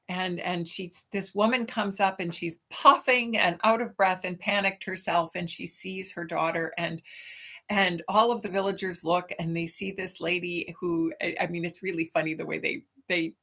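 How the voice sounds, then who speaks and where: A woman's voice: medium pitch, fairly bright tone. A woman church minister giving a weekly message, telling a children's story from memory in a chatty, affectionate way.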